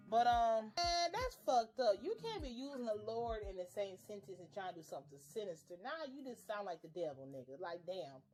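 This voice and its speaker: A young woman giving a casual, blunt and profanity-filled recap and reaction to a TV episode. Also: medium pitch. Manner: profane, blunt and animated, with frequent swearing. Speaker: TV episode reviewer.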